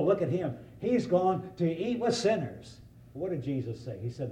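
A man's voice: medium pitch, dark tone, roomy sound, rough recording. A man preaching a sermon, reading scripture aloud and explaining it in an earnest, emphatic way.

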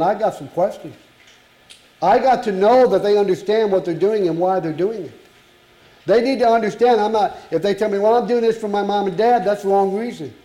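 A man's voice: sits high, mellow, roomy sound, rough recording. A man preaching a sermon to a congregation, emphatic and full of rhetorical questions.

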